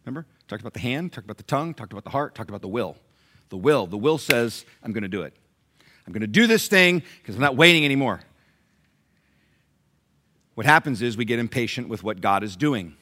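A man's voice: medium pitch, lively intonation, brisk, long pauses, bright, forceful tone. A male pastor preaching a sermon, telling stories dramatically, acting out voices and asking the congregation questions.

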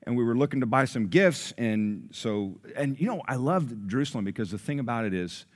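A man preaching a sermon as a pastor, moving between quiet storytelling and loud, emphatic peaks. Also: medium pitch, animated, brisk.

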